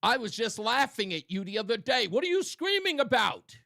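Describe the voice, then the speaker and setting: A man's voice: very high-pitched, sing-song, moderate pace, gravelly, bright, forceful tone, dry recording. A male talk radio host giving sarcastic, mocking political commentary on a studio mic.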